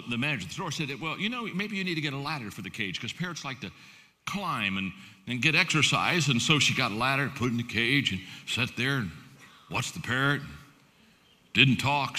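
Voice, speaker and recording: A man telling a folksy story as a sermon, often repeating his words, recorded live in a large echoing hall. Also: mid-range voice. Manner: folksy, repeats words, builds to loud emphasis. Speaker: speaker. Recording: live talk in a reverberant hall.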